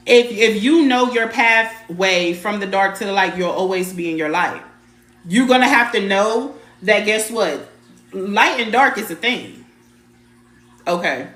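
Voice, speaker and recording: This mid-range, fairly bright female voice echoes in a reverberant room as she hosts a live spiritual stream. Her talk is casual, blunt and emphatic, with mild swearing, greetings to viewers by name and phrases said over and over.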